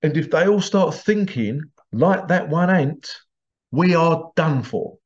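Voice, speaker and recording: A man's voice: fairly high pitch, lively intonation, slow pace, dull audio, pitched above the performer's own voice. A man voicing a ruthless male grasshopper boss who insists on keeping others afraid, in a threatening, repetitive way. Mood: urgent. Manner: threatening, insistent, repeating himself.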